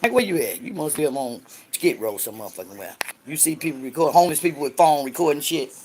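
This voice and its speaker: Loud trash-talking woman in her sixties. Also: lively intonation, fast talker. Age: 60s. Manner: loud, cursing, trash-talking, swings between hollering and low muttering. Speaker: livestream host. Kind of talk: livestream chat answering viewers.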